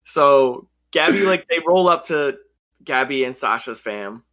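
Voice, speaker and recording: Bright excited slangy man. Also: medium pitch, a little slow. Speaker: podcast co-host. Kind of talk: casual chat about an anime.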